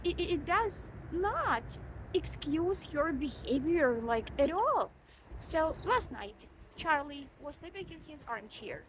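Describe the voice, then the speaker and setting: Tired, high-voiced mother chatting casually. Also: background noise. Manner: tired, candid, chatty with fillers and repeats. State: sleep-deprived and tired. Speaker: vlogger, mother of a baby. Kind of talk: casual vlog chat.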